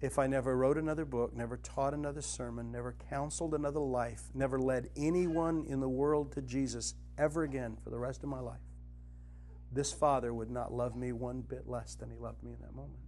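A middle-aged man giving a conversational spiritual teaching, telling personal stories earnestly, his voice dropping soft and low, then rising with conviction. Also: fairly even intonation, brisk, a little hiss or hum. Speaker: Christian teacher and author.

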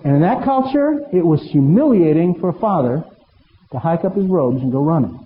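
A middle-aged male pastor tells a sermon story with animated, humorous delivery and acts out bits of dialogue in a somewhat high voice. His voice rings with a long hall reverb. The recording sounds dull and muffled under a faint hiss. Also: a little fast.

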